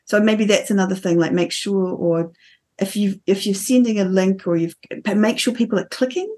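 A woman's voice: medium pitch, normal speed, darkish tone. Chatty woman co-host, rambling restarts. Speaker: podcast co-host. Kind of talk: casual chat.

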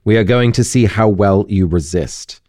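A man's voice: on the low side, moderate pace, darkish tone, dry recording, clean studio sound, lightly acted. A man reading as a cold, stern schoolmaster. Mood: cold, controlled. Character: cold stern male teacher probing a student's mind. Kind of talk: reading a novel aloud.

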